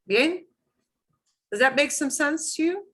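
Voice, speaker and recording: A middle-aged woman leads an online beginners' language lesson, walking through the rules one step at a time. Her voice is bright and forceful, and her pace stays slow and deliberate. She keeps things lively with playful asides as she explains. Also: high-pitched. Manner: animated, playful exclamations while explaining. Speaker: Spanish teacher.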